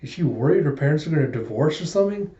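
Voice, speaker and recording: A man's voice: on the high side, animated, very fast, dark tone, reverberant, highs cut off, lightly acted. A man doing a snarky scruffy guy. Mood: grudging. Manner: snarky, sarcastic. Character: scruffy sarcastic grown man informant.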